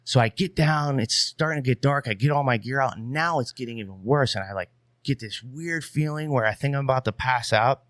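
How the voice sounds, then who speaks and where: Animated man telling a rambling hunting story. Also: mid-range voice, fairly quick, no echo. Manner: rambling, animated, many fillers. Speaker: podcast guest. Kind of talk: casual storytelling.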